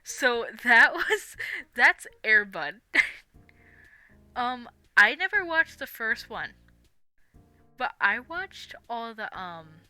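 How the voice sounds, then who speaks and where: A young woman streamer chats in a loose, giggly ramble, her voice extremely bright and smooth. The sound is close and dry, with faint music under her. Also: a little high, sing-song, slow pace, long pauses, no room sound. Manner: giggly, rambling, with frequent laughs and fillers. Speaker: livestream host. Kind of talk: casual live-stream chat.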